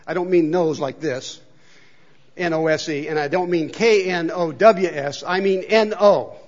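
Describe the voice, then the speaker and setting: Man, pastor, high voice, chatty sermon, questions to the congregation, lo-fi sound. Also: unhurried. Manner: conversational, asks the congregation questions. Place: church chapel.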